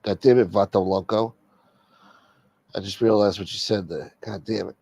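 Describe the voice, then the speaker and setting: A man's voice: lowish voice, steady tone, normal speed, gravelly, darkish tone, husky, no room sound. A man hosting a late-night livestream, chatting casually in a blunt, profane, streetwise manner. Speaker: livestream host.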